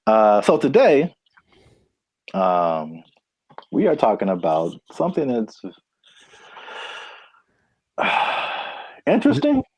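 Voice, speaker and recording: A man co-hosting a casual podcast, laid-back and quick to laugh, recorded close on a studio mic. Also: fairly low pitch, sing-song, husky, dry recording. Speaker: podcast co-host.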